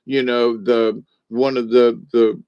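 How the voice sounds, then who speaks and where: Flustered, stammering old man played by a man, slow. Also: medium pitch, flat delivery, clean tone, dull audio. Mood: nervous.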